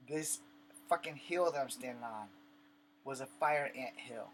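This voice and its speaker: A man talks straight to camera in a blunt, cursing, conversational way, acting out the scene as he goes. His pitch sits in an ordinary middle range, and faint noise runs underneath. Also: a little slow. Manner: blunt and profane. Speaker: vlogger. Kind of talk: casual rant and storytelling to camera.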